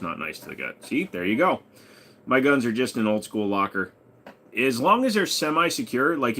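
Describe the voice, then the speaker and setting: A man's voice: lowish voice, sharp tone, a little hiss or hum. A man hosting a casual live stream, reading viewer questions aloud and answering offhand from his room at home. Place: home room with a gun wall.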